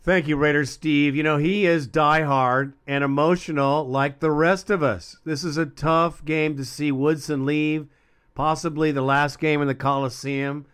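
A man hosts a fan call-in show in a smooth, resonant voice pitched a little high. He is friendly and casual, calling people "bro". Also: steady tone, measured pace, fairly bright tone. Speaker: host. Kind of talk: call-in radio show hosting.

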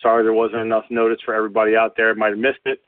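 A man's voice: lowish voice, completely flat delivery, very fast, dry recording. A male caller signing off a fan talk show, resigned and casual about his team. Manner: resigned, casual, uses uh fillers. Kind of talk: fan call-in commentary. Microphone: phone. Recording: distant tinny phone line.

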